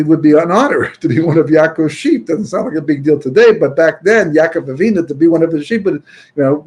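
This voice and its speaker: Giving a Torah talk, this man tells stories in a chatty way, full of "you know" and restarts, with Yiddish and Hebrew terms sprinkled throughout. When he argues a point he turns loud and emphatic. His voice is husky and a little high.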